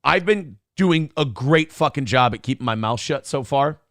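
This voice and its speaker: A man's voice: medium pitch, lively intonation, normal speed, a bit bright, no echo, clean studio sound. A man hosting a morning talk show, telling stories in a brash, profane, boastful way. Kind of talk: casual talk show rant.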